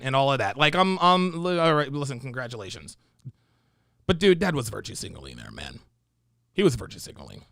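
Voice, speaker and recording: A male livestream host giving profane, animated commentary on videos, reading out viewer donations and telling stories. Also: on the high side, gravelly, dry recording, studio quality.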